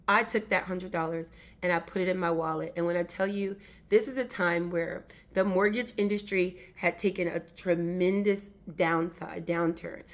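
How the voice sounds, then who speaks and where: Brief: middle-aged woman business coach, low-leaning voice, punchy and repetitive motivational delivery. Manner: emphatic, repeats phrases for effect. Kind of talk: motivational talk.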